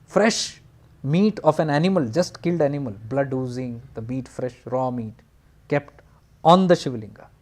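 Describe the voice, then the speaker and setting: A man, a spiritual teacher telling a devotional story in an earnest, unhurried way with emphatic repetitions. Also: mid-range voice, darkish tone.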